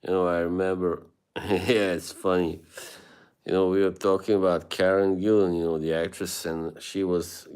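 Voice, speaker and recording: A man's voice: low-pitched, little pitch movement, normal speed, a little mellow, clear, resonant tone. A man hosting a livestream, chatting casually with viewers and laughing often between remarks. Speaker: livestream host reading chat.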